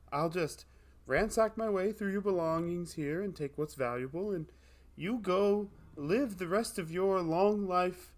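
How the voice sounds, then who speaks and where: Man player, high-pitched, blunt casual in-character talk. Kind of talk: playing a tabletop game.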